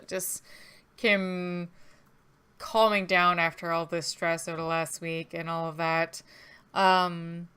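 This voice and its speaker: A woman's voice: lowish voice, sharp tone, clean tone. A woman running a tabletop role-playing game as game master, narrating and summing up scenes with frequent fillers. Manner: brisk, wrapping up scenes, filler-heavy.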